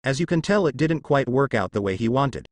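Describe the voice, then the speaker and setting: A man's voice: medium pitch, lively intonation, a little fast, no echo, natural voice. A man voicing a weary old male village leader who sighs and explains, in a fan fiction reading. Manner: sighing, explaining.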